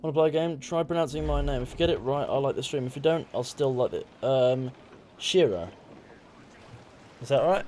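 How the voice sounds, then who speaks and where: A man's voice: mid-range voice, moderate pace, a little mellow, a little hiss or hum. A man doing casual, sweary live commentary while playing a game and bantering with his chat. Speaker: streamer.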